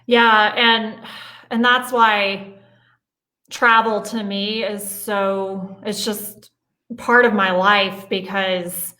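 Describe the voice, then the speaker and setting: A woman's voice: medium pitch, little pitch movement, very slow, pushed and bright. A woman hosting an interview, who talks casually and hesitantly, often restarting her sentences. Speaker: host. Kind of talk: conversational interview. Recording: echoey room.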